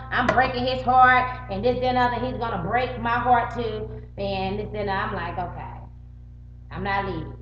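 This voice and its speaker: A middle-aged woman tells a story straight to the camera, swearing freely and acting out both sides of the argument. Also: medium pitch. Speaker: vlogger. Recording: roomy, muffled home recording with faint hum.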